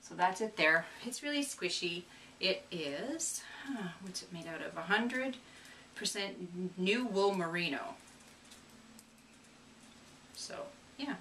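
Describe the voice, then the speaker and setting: A woman's voice: on the low side, lively intonation, takes it slowly, long pauses, fairly bright tone. A woman co-hosting a casual knitting podcast, chatty and self-deprecating, getting over a cold. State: recovering from a cold. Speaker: podcast co-host. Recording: distant mic with faint room noise.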